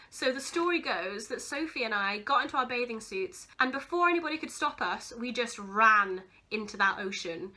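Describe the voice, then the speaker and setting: A woman's voice: on the high side, pushed and bright. A young woman vlogging casually, gushing and giggly as she goes through keepsakes, teary-eyed and sentimental. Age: young adult. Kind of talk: casual vlog chat.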